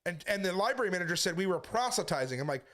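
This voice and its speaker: A man who is a street preacher, briskly telling a story to his viewers and quoting the back-and-forth as he goes. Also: sits high, very animated, fairly bright tone. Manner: brisk retelling full of quoted back-and-forth. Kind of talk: casual storytelling monologue.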